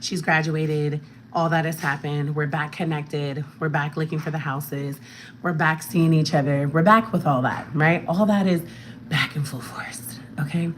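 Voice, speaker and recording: A woman's voice: low-pitched, fairly even intonation, normal speed, slight background noise. A woman hosting a casual livestream from her home, talking straight to her viewers on a phone held at arm's length, sometimes dropping to a whisper. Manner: chatty, talks straight to viewers, often drops to a whisper. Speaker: livestream host. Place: home, walking through rooms.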